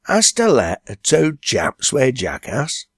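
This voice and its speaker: A man doing an excitable young village lad in a storybook, loud and eager in broad Lancashire dialect. The voice is pitched well above the reader's own, bright and pushy, in a dry, close room. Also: slow pace, slightly rough, no echo, exaggerated voice.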